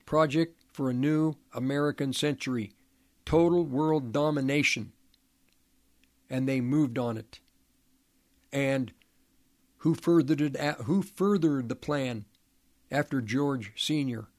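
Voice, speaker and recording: A man giving a preaching monologue, halting and often repeating or restarting words, pressing his points with emphatic rhetorical questions. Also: mid-range voice, darkish tone.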